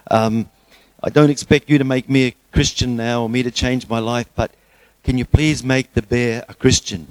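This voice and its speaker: A man's voice: medium pitch, fairly even intonation, normal speed, no echo, natural voice, poor audio. A man voicing a frightened hiker who stammers and pleads, flustered and apologetic. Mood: flustered pleading.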